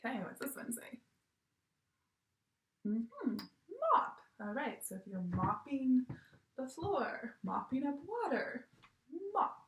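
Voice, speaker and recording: A young woman teaching a video lesson to young children from home, with a cheerful, animated manner and acting out words as she goes. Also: high-pitched, slow, long pauses, reverberant.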